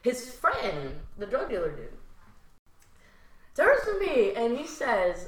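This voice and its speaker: A woman's voice: on the high side, takes it slowly, pauses often. Young woman telling a wild story on a podcast, lots of swearing, roomy echo. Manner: animated, swears freely, acts out quotes. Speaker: podcast guest. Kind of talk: casual storytelling chat.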